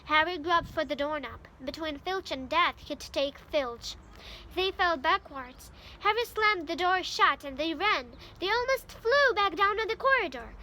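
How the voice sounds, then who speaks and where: A woman's voice: extremely high pitch, expressive, measured pace, bright, forceful tone, slight background noise. A woman from Ukraine reads a novel aloud in English, reading carefully and sometimes stumbling and restarting. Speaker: reader.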